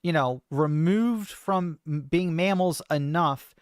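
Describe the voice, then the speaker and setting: A woman's voice: deep voice, takes it slowly, a little mellow, no echo. A trans woman streamer talking in a casual, hesitant monologue, full of fillers and restarts, into a close desk mic. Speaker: streamer host.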